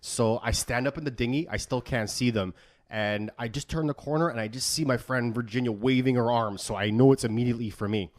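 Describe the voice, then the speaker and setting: A young man co-hosting a podcast, telling stories in a profane, animated casual chat. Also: mid-range voice, brisk. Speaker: podcast co-host.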